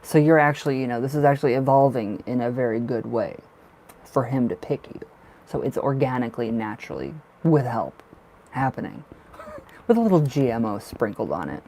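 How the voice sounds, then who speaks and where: A man's voice: medium pitch, expressive, a little fast, a little mellow, slight background noise. A man giving a casual live tarot reading, talking loosely and repeating himself as he goes. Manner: casual, rambling, repeats words. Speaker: tarot reader.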